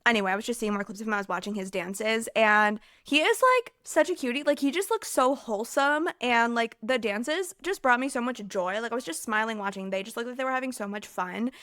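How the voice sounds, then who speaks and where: A woman's voice: a little high, a little fast, hardly any pauses, fairly bright tone, no echo, studio quality. A young American woman hosting a casual solo podcast, rambling and chatty with lots of fillers, overheated and a little scattered. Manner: rambling and chatty, heavy filler use, self-interrupting. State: overheated, distracted. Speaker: podcast host.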